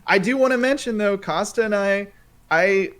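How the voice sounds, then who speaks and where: A man's voice: high-pitched, normal speed, crowd noise. A man co-hosting a podcast, telling stories in casual chat with laughs and many fillers. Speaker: podcast co-host.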